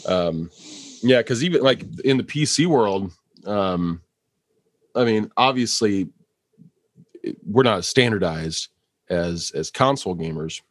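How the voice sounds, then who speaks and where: A man's voice: lowish voice, lively intonation, a little slow, long pauses, dry recording, clean studio sound. Jokey, rambling male podcast co-host. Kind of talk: casual podcast discussion.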